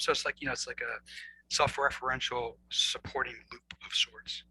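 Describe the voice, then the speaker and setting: Guy explaining as a coach, earnest, plays out little inner monologues, sharp bright tone, goes loud then hushed. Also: mid-range voice, steady tone, a little fast, a little hiss or hum, rough recording. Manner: acts out inner dialogue, earnest, swings loud and soft. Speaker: relationship coach, guest. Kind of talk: conversational explaining.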